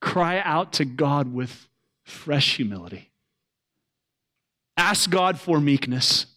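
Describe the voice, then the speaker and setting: A man preaches a morning sermon in a church, his voice a touch higher than most men's. He speaks earnestly, pushing up to loud emphasis and then sinking to soft, low lines. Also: animated, takes it slowly. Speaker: pastor.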